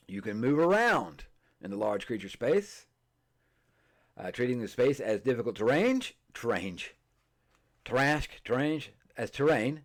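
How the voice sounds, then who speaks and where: A man hosting a tabletop game podcast, chatting casually and reading game rules aloud, halting often, restarting phrases and filling pauses. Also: mid-range voice, very animated. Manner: halting, many fillers and restarts, stumbles over words. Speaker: podcast host. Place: streamed podcast setup.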